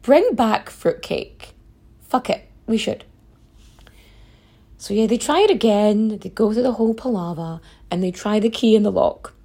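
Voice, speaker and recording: A woman's voice: medium pitch, expressive, a little slow, vocal fry, warm tone, husky. A woman hosting a podcast, telling a history story in a chatty, rambling way with casual swearing and side stories. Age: adult mother. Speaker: podcast host.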